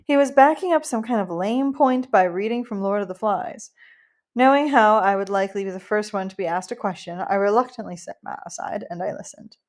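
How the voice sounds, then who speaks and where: A woman narrating a first-person novel as an audiobook in an emotional, heartfelt, expressive way. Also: mid-range voice, a little fast.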